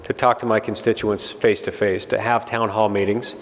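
A man's voice: lowish voice, flat delivery, a little fast. A middle-aged man giving a public speech, telling a story with dry, self-deprecating humor. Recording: long hall reverb.

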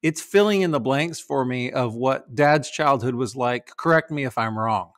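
Easygoing middle-aged podcast host. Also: male voice, medium pitch, moderate pace, no room sound, studio quality. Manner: easygoing, storytelling. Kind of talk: casual chat.

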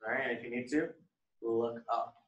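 A man leads a martial arts warm-up, calling out the exercises with steady encouragement. His voice sits at a middling pitch, and between drills he slips into relaxed, offhand remarks. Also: moderate pace, slightly rough, highs cut off. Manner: coaching, encouraging, casual asides. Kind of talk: leading an online warm-up class.

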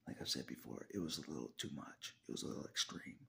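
A man's voice: a bass voice, lively intonation, fast, gravelly, sharp tone, a little hiss or hum. A man talking in a casual confessional vlog monologue, laughing often, swearing, and sometimes dropping into a whisper. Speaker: video blogger.

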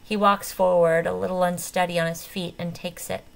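Woman reading an audiobook, dramatic and expressive, kinda low voice. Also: moderate pace, creaky, poor audio. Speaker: audiobook reader. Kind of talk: first-person audiobook narration.

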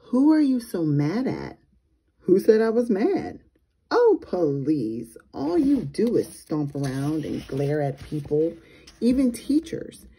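Brief: a woman doing a sure-of-herself young girl, blunt and sassy, in a slightly raised, husky voice. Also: on the high side, dark tone, pitched above the performer's own voice, heavily acted. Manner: blunt, self-assured.

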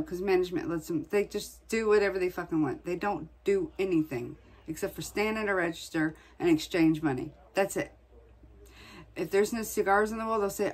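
A woman's voice: fairly low pitch, darkish tone, husky. A woman vlogger chatting casually, venting in a blunt, profane way. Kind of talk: casual chat.

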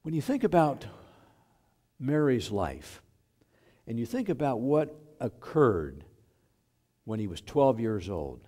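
Slow, mellow-voiced male pastor preaching. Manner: unhurried and lively in pitch, with fillers. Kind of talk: sermon. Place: church sanctuary.

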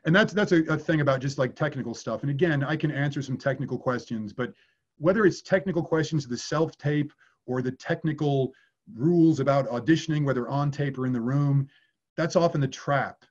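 A man's voice: medium pitch, fairly quick, a little mellow, muffled recording. A man working as an acting coach, answering viewer questions in a candid way and swearing casually.

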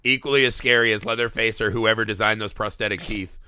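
A man's voice: lowish voice, quick pace, clear, resonant tone, dry recording, studio quality. A man co-hosting a film podcast, chatting casually and profanely about a movie. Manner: animated, profane, acts out movie lines. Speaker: podcast co-host. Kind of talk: casual film review chat.

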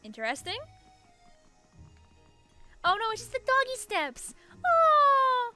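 A woman giving casual let's-play commentary in a very high, lively voice that leaps up and down. She talks at an unhurried pace, excitable and giggly, and coos at cute things on screen. Faint game music plays underneath. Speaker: gaming streamer.

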